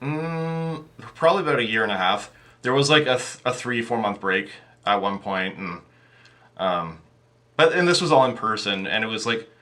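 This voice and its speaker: A game master on a podcast chats casually about running tabletop games, his lowish voice carrying a sharp tone. He rambles, leaning on fillers and restarting sentences often.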